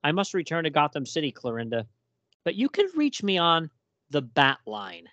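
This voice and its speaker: A stern grown comic-book hero, read aloud by a man in a slightly lowered voice that stays close to his own. The sound is dry, with no room around it. The lines come clipped and matter-of-fact. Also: very animated, normal speed, fairly bright tone, no room sound. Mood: terse.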